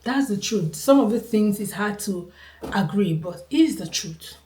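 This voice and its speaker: A Nigerian woman talking straight to camera in a casual, earnest way. She keeps hammering her points home by repeating them. Her voice sits at an ordinary middle pitch and rings a little in a roomy, echoey space. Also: lively intonation, unhurried, warm tone. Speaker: vlogger. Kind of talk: casual opinion talk to camera. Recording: roomy echo.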